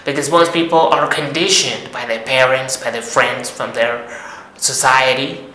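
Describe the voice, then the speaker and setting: Guy lecturing to camera, repeats himself a lot, bright tense voice, kinda roomy sound. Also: medium pitch, fairly even intonation, a little slow. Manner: repetitive, emphatic, lecturing. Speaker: online money coach. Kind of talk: monologue to camera. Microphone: camera mic. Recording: echoey room, faint noise.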